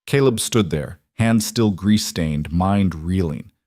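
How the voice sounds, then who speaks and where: Male narrator, low voice, steady scripted storytelling, dry close read. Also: unhurried, no room sound.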